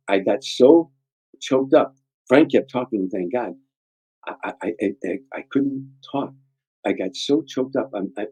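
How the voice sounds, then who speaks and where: An older man from the Chicago area, USA, tells rambling, heartfelt stories as a guest comedian in an interview, often repeating himself. His fairly low voice is mellow with a breathy edge. The audio is poor, with no room sound.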